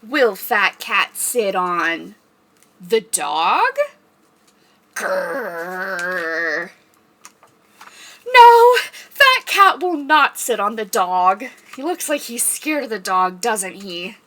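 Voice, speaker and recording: A young woman rehearsing a children's story time, reading aloud in an animated, sing-song teacher voice and making animal noises. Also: on the high side, takes it slowly, a little hiss or hum.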